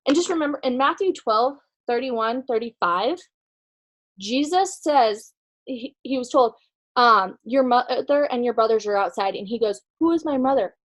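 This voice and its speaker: A woman's voice: high voice, poor audio. A woman retelling a faith story in a chatty way, with lots of ums and likes, acting out the dialogue as she goes. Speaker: speaker sharing conference notes.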